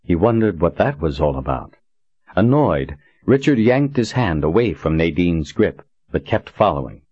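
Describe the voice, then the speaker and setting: A man narrating an audiobook in a steady, even reading. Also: low voice, moderate pace, breathy edge, no echo. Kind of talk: scripted narration. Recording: dull dry recording.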